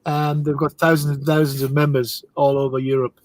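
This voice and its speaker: A man's voice: on the high side, level tone, fairly quick, dry recording. A man hosting a live stream, chatting casually and telling rambling jokes. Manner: rambling, tells jokes with laughs. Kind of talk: casual chat. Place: parked motorhome spot.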